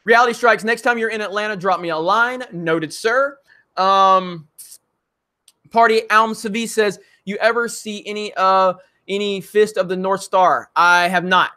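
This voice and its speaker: Man, live stream host, casual chat, laughs a lot, high voice, bright tone. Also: steady tone, a little slow, clean tone. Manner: laughs often, chatty, loose filler-heavy talk. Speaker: livestream host reading super chats.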